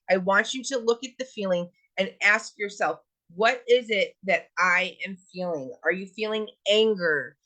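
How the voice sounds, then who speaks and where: Bright-voiced woman guiding a self-help lesson. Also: mid-range voice, poor audio. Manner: gentle, coaxing, asks many questions. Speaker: wellness teacher. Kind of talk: guided self-help talk.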